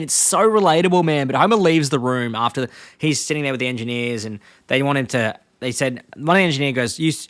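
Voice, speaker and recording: A man's voice: medium pitch, fairly bright tone, no echo. A man co-hosting a casual podcast chat. He retells scenes and acts out the lines in a raised voice. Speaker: podcast co-host.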